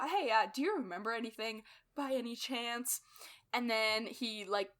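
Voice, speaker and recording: A woman's voice: fairly high pitch, moderate pace, sharp tone. A young woman co-hosting a casual book podcast, rambling through a chapter summary with lots of fillers and giggles. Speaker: podcast co-host. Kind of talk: casual book-club chat.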